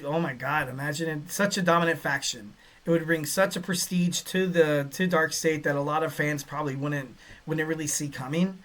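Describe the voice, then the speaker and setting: A man hosting a casual solo podcast, rambling with lots of fillers and getting excitable. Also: high-pitched. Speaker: podcast host.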